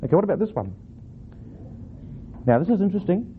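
A man teaching a class on how to read a scripture verse, reading it aloud slowly with different stresses and then questioning his listeners. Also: high voice, sing-song. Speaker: Bible teacher. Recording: tinny phone-like recording with faint noise.

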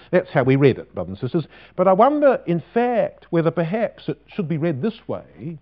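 A man preaching a sermon, reading scripture slowly with emphasis and asking rhetorical questions. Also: on the high side, huge pitch swings. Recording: dull lo-fi recording.

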